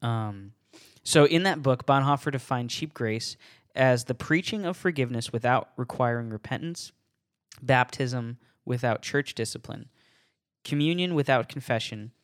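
A man's voice: mid-range voice, moderate pace. A man hosting a solo podcast about faith, talking casually and earnestly, often chuckling and restarting his words. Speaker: podcast host.

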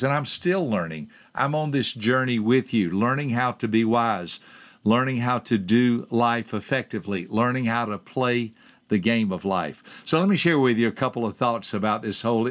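An older man hosting a podcast, telling a personal story to listeners and asking them direct questions. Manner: lively storyteller, acts out quoted voices with big pitch jumps. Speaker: podcast host and personality teacher.

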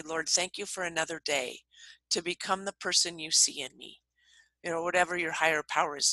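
A middle-aged woman guest telling lively, upbeat stories in casual conversation. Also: lowish voice, no room sound, poor audio. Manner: upbeat, animated storytelling.

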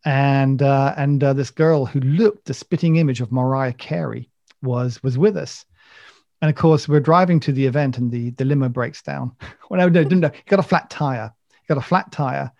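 A man hosts a casual chat, rambling from one story to the next with jokey enthusiasm. His voice has a gravelly edge. The sound is dry and slightly muffled. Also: medium pitch, normal speed, a little mellow, no echo. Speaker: podcast host.

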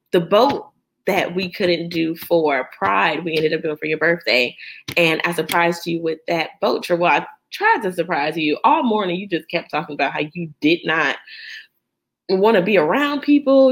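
A woman in her thirties hosting a podcast, telling a story in a casual chat with lots of laughter and bits of sung lyrics. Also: lowish voice. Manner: animated storyteller, laughing and breaking into song. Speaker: podcast host.

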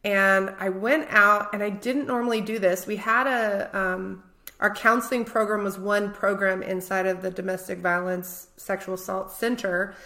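A woman therapist co-hosting a podcast, telling her own stories in a casual, animated way with many "like"s. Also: medium pitch, moderate pace. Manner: animated storyteller, frequent "like". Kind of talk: casual conversational chat.

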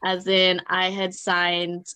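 A young woman with a slightly low voice tells her story as a guest in a relaxed interview. She is chatty and animated, slipping into quoted voices and laughing along the way. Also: takes it slowly, clean tone.

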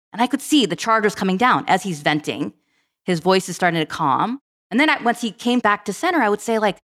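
A woman in her forties, a podcast guest, telling personal stories animatedly and acting out family dialogue. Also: on the low side. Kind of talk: storytelling in a podcast interview.

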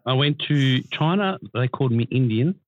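A man's voice: mid-range voice, normal speed. A man telling an anecdote, acting out the lines of the people in it. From Australia. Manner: animated storyteller acting out other people's lines. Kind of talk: anecdote in casual chat. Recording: dry, phone-like sound.

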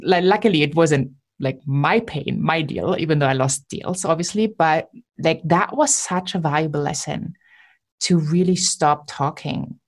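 Low-voiced woman podcast host. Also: measured pace. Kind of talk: podcast interview.

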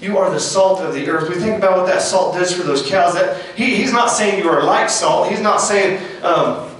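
Earnest preacher, echoey and distant. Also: male voice, sits high, normal speed. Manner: earnest, repetitive, folksy, dropping to hushed tones. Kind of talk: sermon. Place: outdoors.

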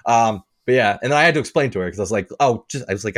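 A man co-hosting a podcast, telling a story in a casual, animated way, swearing and getting worked up. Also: rapid-fire, hardly any pauses. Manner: animated storytelling, swearing, rising in pitch when riled. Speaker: podcast co-host. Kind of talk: casual chat.

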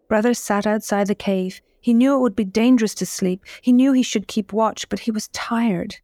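Measured woman narrating a fairy tale. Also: medium pitch, a little mellow, no room sound, clean studio sound. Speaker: host and storyteller.

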